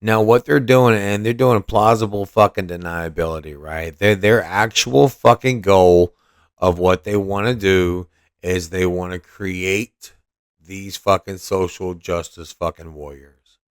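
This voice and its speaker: A man's voice: deep voice, steady tone, measured pace, clean tone, no echo, studio quality. A man hosting a podcast, giving profane, mocking and combative political commentary. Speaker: podcast host.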